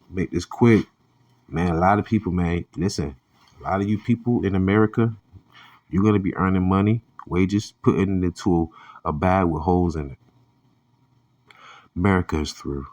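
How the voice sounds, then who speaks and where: A man giving blunt, profane religious commentary on the news, reading scripture and leaping up in pitch when riled. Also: a little mellow. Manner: reads scripture aloud. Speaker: online preacher and commentator.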